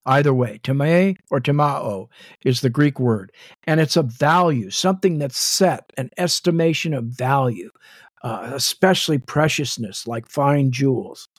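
A man leading a Bible study, slowly defining Hebrew and Greek words, repeating and spelling terms out as he goes. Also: mid-range voice, breathy edge, no room sound, studio quality. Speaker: Bible teacher.

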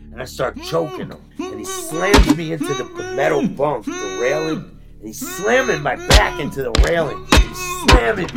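A man casually telling about his time in prison, in street slang, with animated retelling. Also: a little high, vocal fry. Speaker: former inmate telling his story. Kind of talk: casual storytelling.

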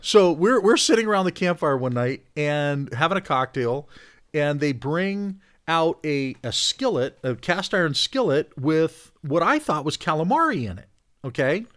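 A man telling a camp story in casual talk, animated, getting louder at the funny parts. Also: fairly high pitch, moderate pace. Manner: animated storyteller, rising loud for punchlines. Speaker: podcast guest, hunter.

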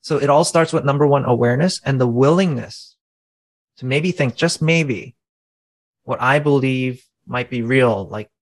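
Guy w a gravelly edge, earnest coach type talking faith and the brain, keeps going "right?". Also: mid-range voice, rough recording. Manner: earnest, teacherly, asks rhetorical questions. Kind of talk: conversational explaining.

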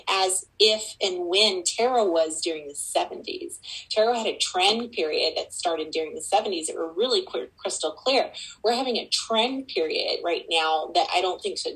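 A woman's voice: mid-range voice, fairly bright tone, slightly rough, low-quality recording. A woman guest, a spiritual mentor, explaining her views in earnest, flowing sentences. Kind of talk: interview talk.

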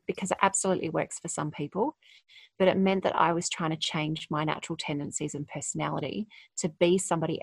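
A woman's voice: deep voice, gravelly, slightly rough, no echo. A woman, speaking candidly and reflectively in a casual conversation and laughing often. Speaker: podcast guest, coach.

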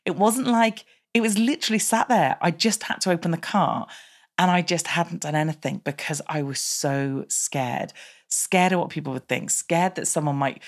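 A British woman with a notably low voice tells a personal story in a candid, animated way, her delivery moving in quick bursts. She speaks as a business coach in her thirties. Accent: British English.

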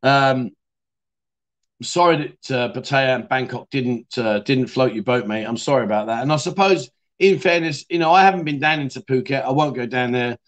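A middle-aged man with a mid-range voice hosts a casual livestream chat show at a moderate pace. He is chatty and matey, reading out viewer comments as he goes.

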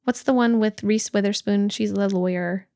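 A woman's voice: mid-range voice, steady tone, normal speed, a little mellow, dry recording, clean studio sound. A woman co-hosting a podcast in casual chat, who laughs easily and asks her partner questions. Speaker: podcast co-host.

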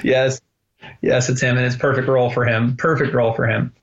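A man's voice: mid-range voice, little pitch movement, quick pace. Man telling stories, lo-fi line. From United States. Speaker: guest, animator. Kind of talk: podcast interview.

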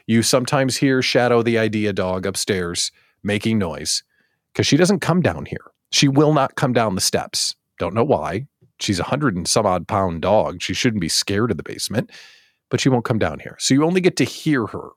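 A man hosts a live morning chat from his basement, cracking jokes and acting out little scenes. His pitch swoops up and down with a lot of expression. The sound is close and dry. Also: no room sound. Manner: animated, jokey, acts out scenes. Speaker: live show host. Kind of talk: casual morning show chat. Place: home basement studio.

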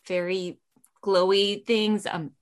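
A woman's voice: medium pitch, level tone, takes it slowly. A woman playing in a tabletop game, talking casually with some hesitation. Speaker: player.

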